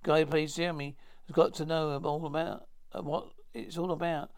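A man acting a fast-talking character in a 1950s TV drama, with brisk, stagey dialogue. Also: fairly high pitch, flat delivery, darkish tone, smooth, natural voice.

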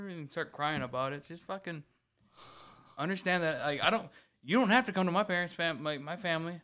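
A man in casual conversation with a slightly high, smooth voice. He tells his stories with lots of energy, swears freely, and acts out what other people said. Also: brisk. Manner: animated storytelling, swears often, acts out quotes. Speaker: podcast co-host. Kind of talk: casual chat.

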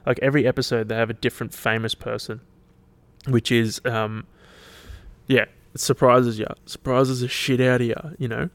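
Tired aussie guy rambling on his podcast, swears heaps, mid pitch, dry sound. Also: little pitch movement, normal speed, no echo. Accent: Australian. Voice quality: laid-back, rambling, swears freely. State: tired, yawning. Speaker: podcast host. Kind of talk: casual solo podcast chat.

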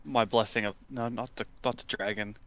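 A man's voice: on the low side, steady tone, fairly quick, dull audio. A man playing in a tabletop game, chatting casually, forgetful and trailing off. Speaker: player.

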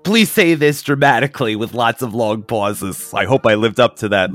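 A man's voice: mid-range voice, dry recording, soft background music. A man co-hosting a casual podcast, reading listener mail aloud in a playful way and laughing often. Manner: playful, reads letters aloud with dramatic pauses and laughs.

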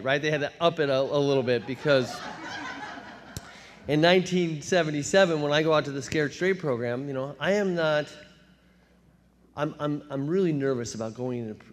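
A man in his fifties from telling his recovery story at a meeting, storytelling with self-mocking laughs and quick put-on voices for his younger self. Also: on the high side. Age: 50s. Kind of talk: personal testimony talk. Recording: long hall reverb.

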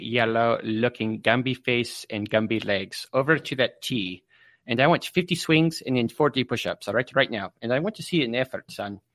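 A man playing a bossy, cranky male professor who barks orders at a student in gruff, profane bursts, improvised on a livestream. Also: mid-range voice, fairly bright tone, dry recording, studio quality, close to an everyday voice. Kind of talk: improvised comic role-play on a livestream.

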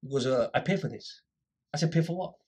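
Casting: man, husky voice, animated anecdote teller who voices both sides of a quarrel. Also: mid-range voice, quick pace. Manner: animated storyteller, acts out quoted dialogue. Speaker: guest, volunteer litter picker. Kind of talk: casual storytelling interview.

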